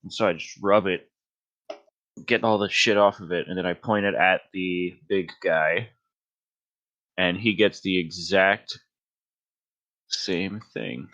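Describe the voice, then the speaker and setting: A man playing in a tabletop game, chatting casually and excitable about his dice rolls. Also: low voice, slow pace, pauses often, muffled recording. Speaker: player. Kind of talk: casual play chat.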